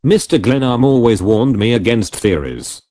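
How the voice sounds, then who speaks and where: Solemn manservant, slight Irish accent, smooth and deferential, read by a man. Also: mid-range voice, big pitch swings, dark tone. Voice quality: smooth, liquid tones. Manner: formal, measured, says sir often.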